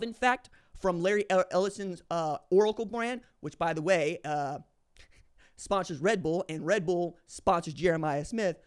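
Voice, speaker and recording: A man's voice: sits high, fairly bright tone. A man hosting a sports podcast, giving opinionated commentary in an emphatic, slangy way and repeating phrases for effect. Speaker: podcast host.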